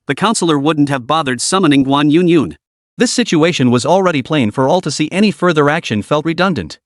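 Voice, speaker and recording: A man's voice: on the high side, dry recording. Guy reading a story recap, voice bounces up and down a lot, bone-dry close mic. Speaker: narrator. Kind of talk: scripted story recap narration.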